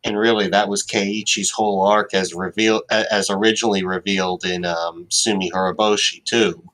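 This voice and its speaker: Low voiced guy on a podcast, says it flat out, firm. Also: normal speed, poor audio. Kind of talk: casual discussion chat.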